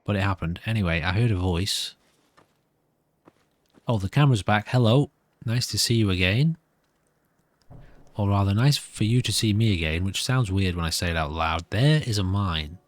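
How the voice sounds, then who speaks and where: A man's voice: on the low side, expressive, normal speed, pauses often, dry recording. A nervous man giving rambling, self-amused commentary while playing a video game. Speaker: gameplay commentator.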